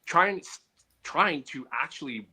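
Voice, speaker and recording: A man's voice: a little high, expressive, slow pace, crowd noise. A man co-hosting a comedy podcast, rambling in casual, profane banter.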